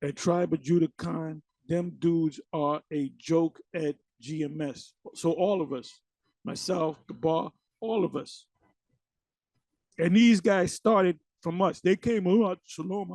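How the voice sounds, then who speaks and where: A man's voice: sits high, a little mellow, dry recording. A man giving blunt, mocking commentary as he reacts to online videos. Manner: mocking, blunt, swears freely.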